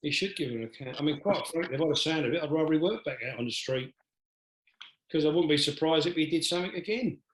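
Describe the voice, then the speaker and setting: Slightly high, fast and animated, this male podcast host conducts an interview conversation with sympathy, often repeating himself and trailing off in reaction. There's a roomy echo on the recording.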